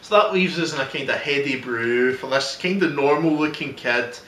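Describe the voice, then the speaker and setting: A man's voice: mid-range voice, normal speed, pushed and bright, roomy sound, far from the mic. A man in casual film chat, often chiming in with short agreements.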